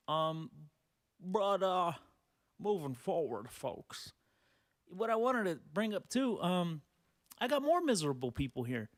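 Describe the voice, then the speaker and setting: Brief: twenties man, higher-pitched voice, sarcastic profane rant, dry close sound. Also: no room sound. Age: 20s. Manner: sarcastic, profane, rambling with many fillers. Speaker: podcast host. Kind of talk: ranting solo podcast.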